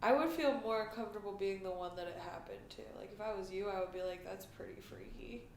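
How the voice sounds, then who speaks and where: A woman in a casual podcast chat, talking calmly and reasoning things out. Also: mid-range voice, fast talker, vocal fry. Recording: roomy echo with faint noise.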